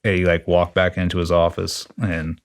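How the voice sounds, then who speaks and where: Middle-aged male guest with a very low voice, casual storyteller, blunt and a bit profane. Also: moderate pace. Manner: animated, acts out quoted dialogue. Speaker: podcast guest.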